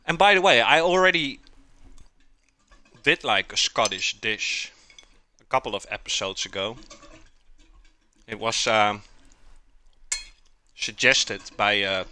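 A man's voice: on the low side, slow pace, pauses often, sharp tone. A man with a Dutch accent from the Netherlands, hosting a live cooking stream, chatting with viewers while eating, sometimes with his mouth full. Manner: chatty, reads out and answers chat while eating.

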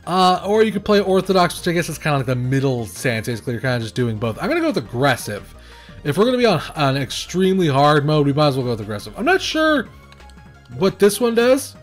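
A game reviewer with a fairly high, very animated voice talks quickly while commenting casually on a video game he's playing. He rambles and hesitates, using many fillers, and lets out nervous exclamations when things get hectic. Faint music plays behind him.

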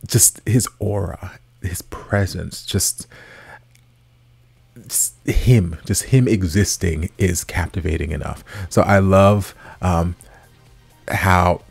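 A man hosting a music reaction video, chatting casually and gushing with animated swings, sometimes whispering. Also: deep voice, slow, vocal fry, husky.

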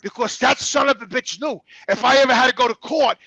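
High, gravelly man telling a raw story. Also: brisk, bright, forceful tone, no echo, dull audio. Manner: profane, stammering, repeats words, acts out quotes. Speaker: guest. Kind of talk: candid podcast storytelling.

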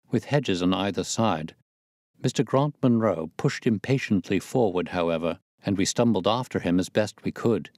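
A man reading a classic detective story aloud as scripted narration, steady and measured. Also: low voice, dry recording, clean studio sound. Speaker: audiobook narrator.

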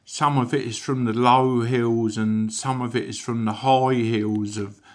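Here's a man with a steady, mid-range voice, taking his time as he works through a rambling, chatty product review. Asides pop up constantly, and "you know" keeps slipping in.

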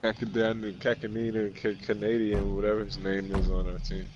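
A man's voice: on the low side, flat delivery, fairly quick, highs cut off, noisy background. A man playing an online game with a friend, laughing a lot and swearing as he calls out moves. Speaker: gaming friend. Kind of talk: profane casual gaming chatter.

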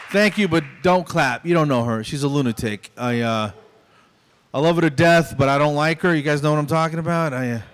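Middle-aged man doing self-deprecating stand-up. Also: a little high. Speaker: stand-up comedian. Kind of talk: stand-up comedy set. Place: stage at a small venue.

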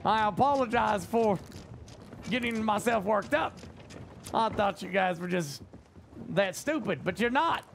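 A man streaming a pirate game as ship captain, bossing and cheering on his crew in excitable, loud banter. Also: high voice, a little slow, gravelly, long pauses, slight background noise. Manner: bossy, excitable, yells orders at crew. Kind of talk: excited casual gaming banter. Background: game music.

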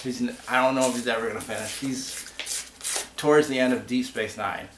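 A man's voice: medium pitch, steady tone, moderate pace. A man co-hosting a casual online show, chatting and telling rambling stories as he answers viewer questions. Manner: rambling, chatty storyteller with restarts. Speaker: podcast co-host. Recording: echoey room with faint hiss.

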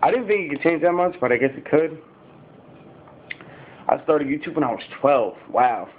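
A man's voice: on the high side, lively intonation, normal speed, a little hiss or hum. Rambling swearing teenage boy vlogger. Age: teenager, fifteen. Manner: rambling, swears a lot, many fillers. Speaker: YouTuber. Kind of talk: casual vlog talk to camera. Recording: tinny phone-like sound.

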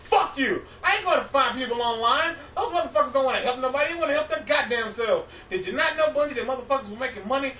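A man's voice: very high voice, fast, hardly any pauses. Profane ranting man on a game stream. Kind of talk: ranting gameplay stream chat. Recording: echoey, distant, muffled stream audio with faint noise.

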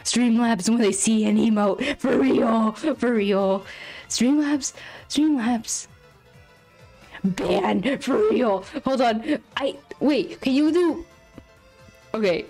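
A woman's voice: on the high side, animated, takes it slowly, a little mellow, soft background music. A young woman streaming live while drawing, flustered and apologetic, often laughing and exclaiming as she talks to her chat.

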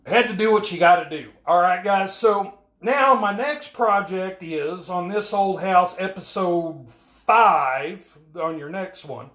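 Rambling high-voiced man, echoey bathroom. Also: a bit bright. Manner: folksy, rambling, keeps asking "all right?". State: soaked and frustrated. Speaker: home-repair vlogger. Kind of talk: rambling comedic vlog. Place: small bathroom.

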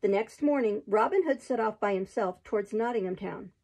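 A woman hosting her own show, reading a storybook aloud in a steady, even narration. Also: mid-range voice, fairly quick, poor audio.

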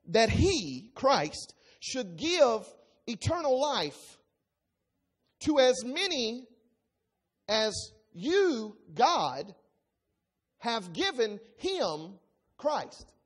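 A preacher gives an expository Bible-teaching sermon, reading scripture aloud and explaining it line by line with emphasis. His medium-pitched, husky voice is very animated, and he speaks very slowly with frequent pauses.

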